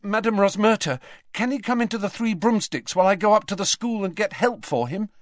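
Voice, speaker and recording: A man voicing an anxious teenage boy wizard who talks in an urgent, rushed way. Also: high voice, animated, dry recording, studio quality, pitched above the performer's own voice.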